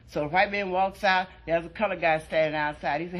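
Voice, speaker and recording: A woman telling bawdy jokes as a stand-up comedian, brassy and shouting her punchlines. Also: fairly low pitch, expressive, a little fast.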